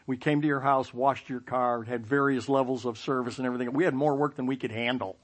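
A man telling a personal story with self-mocking humor, lively sound effects and playful asides. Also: mid-range voice, fast talker. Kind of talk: personal anecdote.

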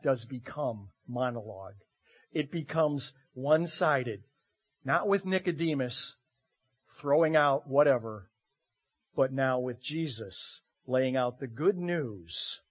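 A man preaching a sermon as pastor, expressive, moving between loud emphasis and quiet asides with dramatic pauses. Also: medium pitch, breathy edge. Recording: muffled lo-fi recording.

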